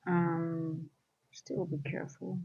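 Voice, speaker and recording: A woman's voice: lowish voice, little pitch movement, slow pace, gravelly, warm tone, dull audio. Chatty woman thinking aloud over charts. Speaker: trader and trading coach. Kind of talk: live-stream market commentary.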